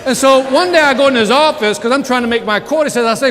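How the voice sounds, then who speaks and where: A man's voice: very high voice, fast. A man giving a motivational keynote speech in a large conference hall, telling stories with energy and calling out to the audience. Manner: energetic, animated storytelling with audience call-outs. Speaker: keynote speaker. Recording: echoey hall with live audience.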